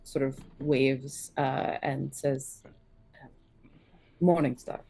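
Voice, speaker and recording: A woman playing a tabletop game who takes her time with each line. Her voice is deep for a woman and unhurried. The sound is close and dry. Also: very animated, no room sound. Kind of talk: casual in-character play.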